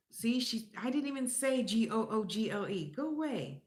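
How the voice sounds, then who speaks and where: Barely pausing, a middle-aged woman vlogger talks to camera at normal speed in a mid-range voice, giving a blunt, profane, rambling monologue where she animatedly acts out others' lines. The casual recording is made in an echoey room.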